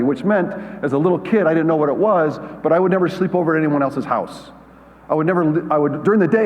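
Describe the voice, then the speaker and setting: A man's voice: on the high side, a little mellow. Older man speaking in a reverberant hall. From United States. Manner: halting, self-deprecating storytelling with many fillers and restarts. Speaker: keynote speaker. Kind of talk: conference keynote talk. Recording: muffled sound with long hall reverb.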